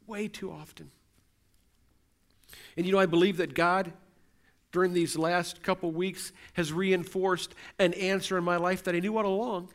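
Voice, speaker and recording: A middle-aged man preaching a sermon as pastor, earnest and building through repeated questions. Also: a little high. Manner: earnest, repetitive rhetorical questions.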